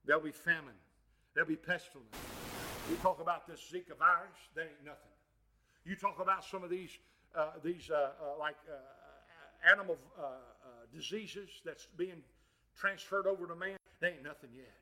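A man preaching a fervent sermon. He moves from quiet, folksy asides to shouted passages and calls his listeners "my friend" and "honey.". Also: on the high side, normal speed, rough recording.

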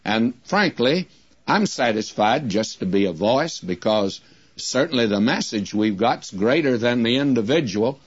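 An older man teaching the Bible as a radio preacher, slowing down and drawing out the words whenever he quotes scripture. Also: medium pitch, expressive, husky, dry recording. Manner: slows to a drawn-out crawl when quoting scripture. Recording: muffled old radio broadcast recording.

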